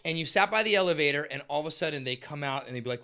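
Bright-voiced man retelling fast. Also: fairly high pitch, lively intonation, clean tone. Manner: quick, teasing retelling. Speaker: guest. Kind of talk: casual chat.

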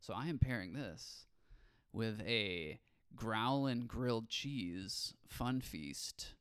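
A man's voice: lowish voice, lively intonation, slow, fairly bright tone, smooth. A man in his thirties co-hosting a casual movie review podcast, joking and rambling with frequent laughs. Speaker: podcast co-host.

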